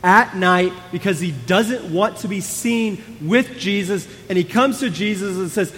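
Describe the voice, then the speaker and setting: A male pastor preaching a sermon in a conversational way, moving between hushed and emphatic. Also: high voice, unhurried, few pauses, big-room sound.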